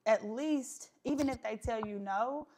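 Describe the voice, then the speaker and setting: A woman's voice: on the high side, unhurried, background noise. Outspoken woman hosting a live chat. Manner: outspoken, conversational with filler words. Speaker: host of a live stream.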